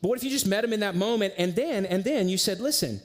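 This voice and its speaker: A man preaching a sermon as pastor, in a casual, conversational way with slang and lively storytelling. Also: high-pitched, fast. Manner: animated storyteller.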